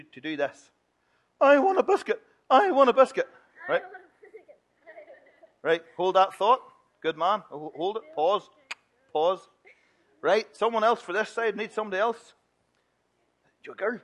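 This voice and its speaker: A man's voice: high voice, normal speed, pauses often, a bit bright. A man leading a playful children's talk in church. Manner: playful and chatty, mimicking whiny children.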